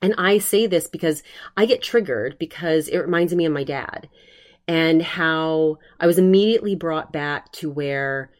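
A woman's voice: low voice, normal speed. A woman hosting a solo podcast, talking earnestly and rambling with many restarts, emotional while recovering from covid. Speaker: podcast host.

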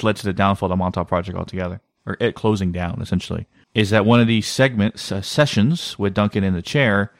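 Low-voiced man telling a story. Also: no room sound, clean studio sound. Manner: animated storytelling with filler words. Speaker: podcast co-host. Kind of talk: casual conspiracy podcast chat.

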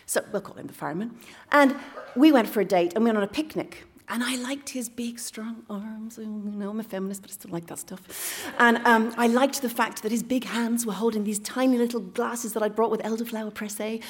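A woman telling a candid personal story on stage in a playful way, dropping into hushed asides. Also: a little high, brisk. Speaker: story slam finalist.

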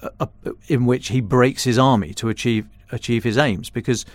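A defence and security editor offers casual podcast analysis, explaining things at a moderate pace and often stopping and restarting mid-phrase. His voice is mid-range, with no room sound.

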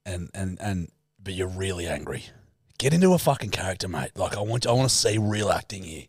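A man's voice: low-pitched, big pitch swings, a little fast, breathy edge, no echo, clean studio sound. A man co-hosting a podcast, teasing his co-host and setting up comic bits with swearing. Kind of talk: casual chat.

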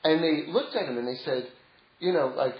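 A man's voice: a little high, moderate pace. A man giving an informal religious lecture as a Torah teacher, telling stories in a rambling way and chuckling often. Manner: digressive storytelling with frequent chuckles. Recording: roomy, dull lo-fi sound.

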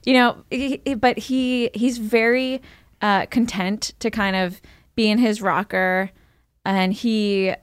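A woman's voice: medium pitch, fairly even intonation, slow, smooth, dry recording. Chatty woman, dry close sound. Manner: chatty storyteller, many fillers and restarts, laughs easily. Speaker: podcast co-host. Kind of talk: casual chat.

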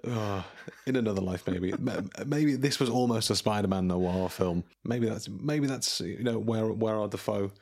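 A man's voice: on the low side, normal speed, creaky, a little mellow. A man co-hosting a casual film podcast, riffing jokily and laughing often. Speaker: podcast co-host.

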